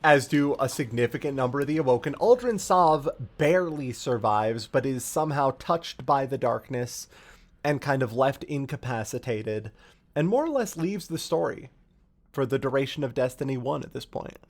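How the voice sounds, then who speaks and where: A man streaming a joking, profane recap of a video game's story, in a lively, animated way. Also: mid-range voice, moderate pace. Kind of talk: comedic game-lore recap.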